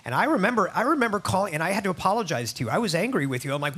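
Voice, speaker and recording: A man's voice: high-pitched, sing-song, very fast, fairly bright tone, breathy edge. A man hosting a Christian talk show, affirming his guest and asking her questions.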